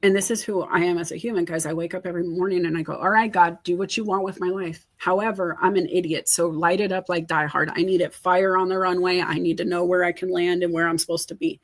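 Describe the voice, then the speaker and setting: A woman hosting a casual chat as a coach, telling stories in a candid, animated way. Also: fairly low pitch, fast, few pauses. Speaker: host and coach.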